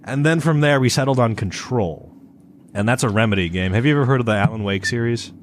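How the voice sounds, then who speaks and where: A man's voice: medium pitch, fast, a little hiss or hum. A man co-hosting a podcast, chatting casually in a rambling way, with lots of stumbling restarts and swearing. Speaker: podcast co-host. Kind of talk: casual chat.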